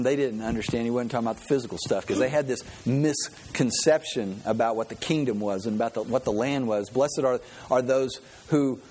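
Husky-voiced male pastor preaching. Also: mid-range voice, a little mellow. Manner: conversational preaching with rhetorical questions. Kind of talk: sermon.

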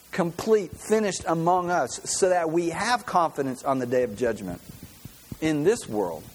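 A male pastor giving a conversational, animated sermon and asking the congregation questions. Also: on the high side, a little hiss or hum.

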